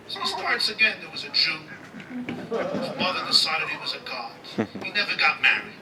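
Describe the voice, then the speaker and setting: A man, a rabbi, giving a lecture as humorous storytelling, animated as he tells it. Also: high voice, normal speed. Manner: animated, voices the characters in his story. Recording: distant mic with room noise.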